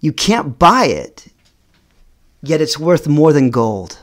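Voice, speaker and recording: Middle-aged man, vlogger, personal storytelling, animated, slows for emphasis, repeats words. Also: a little high.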